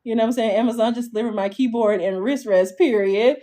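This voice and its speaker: Twenties woman, rapid-fire tarot reader, chatty and profane. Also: a little high, warm tone. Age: 20s. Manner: chatty, blunt and profane, full of "okay?" check-ins. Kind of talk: casual tarot reading to camera.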